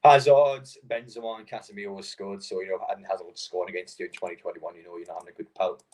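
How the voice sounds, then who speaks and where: A man's voice: deep voice, fairly even intonation, fast, a little mellow. A young man hosting a live football stream, rambling and swearing in frustration between fillers. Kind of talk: casual football watchalong chat.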